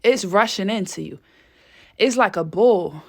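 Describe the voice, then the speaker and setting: A woman's voice: medium pitch, lively intonation, measured pace. Breathless fervent woman giving a reading. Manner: fervent, exclaims whew often, swears casually. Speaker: spiritual reader. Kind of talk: spiritual reading monologue.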